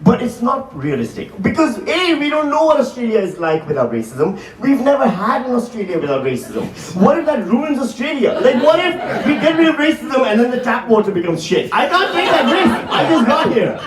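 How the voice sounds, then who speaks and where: A man in his forties doing profane, animated stand-up comedy before a live audience. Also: extremely high pitch. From Pakistan. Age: 40s. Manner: animated, profane, quick asides to the crowd. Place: large hall, live audience. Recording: roomy live hall, mic from a distance, crowd laughter. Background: audience laughter.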